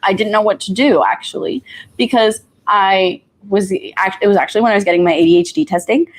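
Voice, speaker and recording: A woman's voice: medium pitch, brisk. A young woman co-hosting a live sale, chatting casually and telling stories with lots of giggles. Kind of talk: casual chat.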